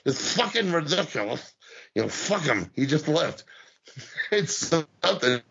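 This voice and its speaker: Gravelly, profane podcast man. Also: fairly high pitch, sing-song, unhurried, fairly bright tone. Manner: profane, rambling, stammers and restarts. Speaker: podcast host. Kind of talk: casual chat. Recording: dull lo-fi audio.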